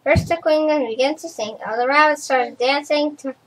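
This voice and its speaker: A woman reading a rhyming children's storybook aloud, in a slow rhythmic way with occasional stumbles. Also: high voice, a crowd in the background, low-quality recording. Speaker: storybook reader.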